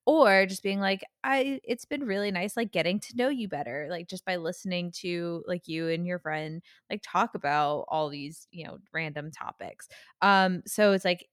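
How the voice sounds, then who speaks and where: A woman's voice: on the low side, no echo, studio quality. Chatty young woman podcast co-host. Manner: chatty, lots of "like" fillers. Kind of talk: casual podcast chat. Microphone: remote call, home mic.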